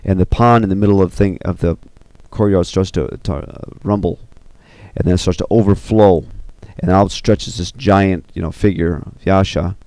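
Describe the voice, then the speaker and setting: Deep gravelly man pitching a story. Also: steady tone, moderate pace, darkish tone, dry recording. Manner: loose and rambling, full of 'you know' and 'kinda'. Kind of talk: casual spoken story pitch.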